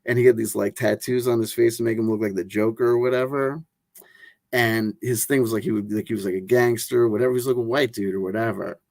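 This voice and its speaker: A man's voice: mid-range voice, steady tone, fast, gravelly, a little mellow, dry recording. A man hosting a tarot channel who talks in a loose, rambling monologue full of fillers and restarts.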